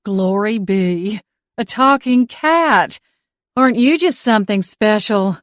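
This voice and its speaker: A woman voicing a warm shop owner in her forties with a slow, sweet Southern drawl in an audiobook. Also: mid-range voice, dry recording, studio quality, lightly acted. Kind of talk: audiobook character voice.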